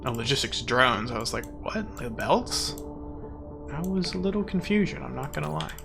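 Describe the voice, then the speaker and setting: A man's voice: medium pitch, expressive, quick pace, creaky, music in the background. Rambling, goofy young male game streamer. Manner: rambling, self-mocking and goofy. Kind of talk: casual gameplay chatter.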